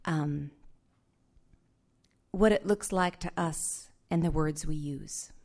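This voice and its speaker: Slow, low-voiced woman reading poetry. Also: creaky. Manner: soft, measured reading with hesitant asides. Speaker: poet. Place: live reading event before an audience.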